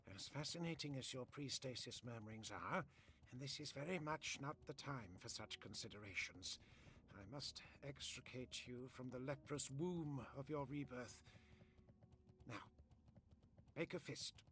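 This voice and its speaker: A man voicing a calm, cold and condescending male surgeon-lord who speaks softly in a dry, aloof drawl. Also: medium pitch, a little slow, slight background noise, close to an everyday voice.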